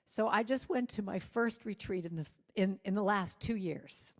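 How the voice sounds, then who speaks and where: A woman singer-songwriter, a guest speaker, telling a self-deprecating personal story to a congregation with lively humor. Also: medium pitch, moderate pace. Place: church sanctuary. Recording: long reverb of a church hall.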